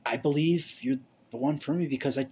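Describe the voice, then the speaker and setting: A young man pours out a rambling, confessional monologue, stumbling over his words and starting sentences again and again. His voice sits in a middle range and slides between low mutters and sudden louder bursts. A faint hum of ambience runs under it. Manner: halting, stammering, many restarts and repeated words; emotional, confessional, swings between mumbling and loud bursts. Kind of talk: rambling personal monologue to camera.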